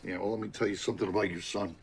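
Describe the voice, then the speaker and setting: An actor playing a gruff, blunt, middle-aged working-class father in a film drama. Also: lowish voice, steady tone, racing, slight background noise, natural voice. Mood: bickering.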